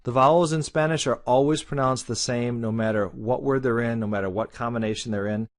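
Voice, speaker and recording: A man teaching a lesson, explaining in a relaxed, conversational way. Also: medium pitch, a little fast. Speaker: Spanish teacher.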